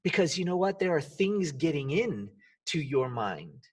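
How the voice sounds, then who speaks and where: A man's voice: fairly high pitch, sing-song, unhurried, a little mellow, breathy edge, recorded from a distance. A man hosting a motivational podcast, talking with energy and emphasis, often asking rhetorical questions. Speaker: podcast host and dance coach.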